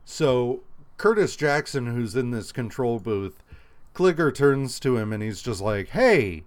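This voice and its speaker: A man's voice: mid-range voice, animated, unhurried, darkish tone. A man co-hosting a podcast in casual chat, talking hesitantly with frequent fillers as he recaps a comic. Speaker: podcast co-host.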